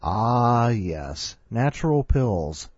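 A man's voice: medium pitch, big pitch swings, extremely slow, a little mellow, no echo, highs cut off, faint music behind. A man hosting a show, chatting casually and joking about himself between segments. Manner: chatty and self-mocking, breaks into laughter. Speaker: podcast host.

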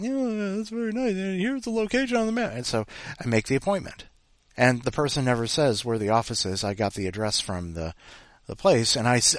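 A male host tells a long, rambling anecdote, swearing and ranting as he goes. His voice sits at an ordinary pitch but swings widely, and he jumps into high mocking impressions of other people. The sound is dry and close. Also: a bit bright, no room sound. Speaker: podcast host.

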